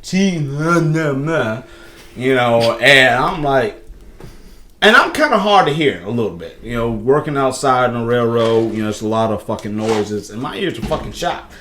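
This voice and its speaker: A man's voice: medium pitch, sing-song, normal speed, pushed and bright, slight background noise. A man, a podcast guest telling a story in casual chat, profane and often laughing.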